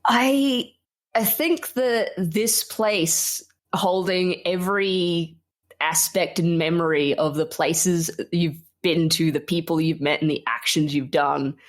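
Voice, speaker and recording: A woman's voice: on the low side, takes it slowly. A woman playing in a tabletop game, talking casually and reflectively.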